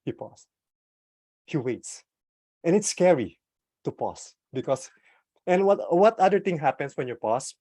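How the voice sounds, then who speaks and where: A man speaks expressively about product management in an online talk, using a desktop USB microphone with no echo. He's relaxed, dropping fillers and gentle laughs, moving widely in pitch and volume, and pausing and slowing deliberately.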